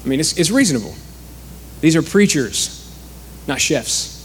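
A man's voice: on the high side, lively intonation, normal speed, slight background noise. A man preaching a sermon in a conversational way, acting out the quoted speakers.

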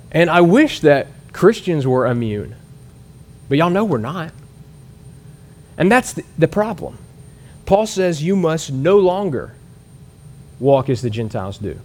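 Earnest man preaching a sermon. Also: fairly high pitch. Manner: earnest, conversational preaching with rising emphasis and quiet drops. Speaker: pastor.

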